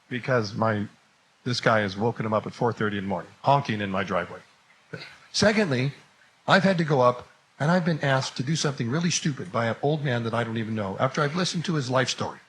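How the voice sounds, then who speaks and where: Brief: male storyteller, bright and forceful, slightly high, plays all the parts, faint background noise. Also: poor audio. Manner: animated, acts out the dialogue, voice rising to shouts at the climax. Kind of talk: comic storytelling to an audience.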